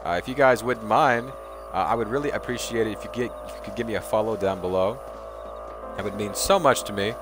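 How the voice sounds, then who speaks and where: A man's voice: lowish voice, a little fast, music in the background. A man streaming a video game, chatting casually to viewers with lots of fillers and restarts. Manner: rambling, lots of fillers and restarts, laughs easily. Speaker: live streamer. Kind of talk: casual gameplay commentary.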